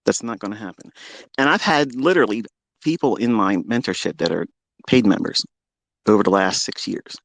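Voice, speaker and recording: A man hosting a live audio stream, delivering a heated, profane and boastful rant that swings between loud outbursts and low muttering. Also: sing-song, moderate pace. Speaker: trading educator and Twitter Space host.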